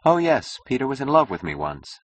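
A man's voice: medium pitch, sing-song, brisk, no room sound, voice pushed up. A man voicing a cool, mocking young woman who speaks in a languid, ironic drawl.

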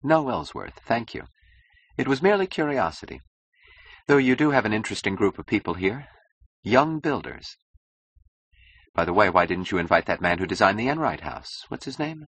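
A man's voice: fairly low pitch, sing-song, moderate pace, pauses often, fairly bright tone, breathy edge, no echo, pitched above the performer's own voice, heavily acted. A man voicing a cool, mocking young woman who speaks in a languid, ironic drawl.

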